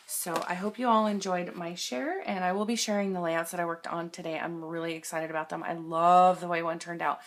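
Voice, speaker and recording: A young woman with a slightly low voice chats through her scrapbook pages at home. She talks casually and fills her sentences with ums and likes. She pokes fun at herself as she goes, and the sound comes straight from her camera mic. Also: fairly even intonation, fairly quick, hardly any pauses. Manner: chatty, filler-heavy, self-deprecating. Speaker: scrapbooking vlogger. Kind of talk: casual show-and-tell.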